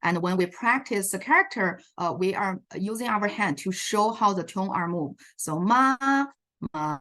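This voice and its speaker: In a medium-pitched, somewhat bright voice at normal speed, a Chinese language teacher lays out teaching strategies on a video call. The setting is an online teacher workshop, and her explanations include many fillers and self-corrections.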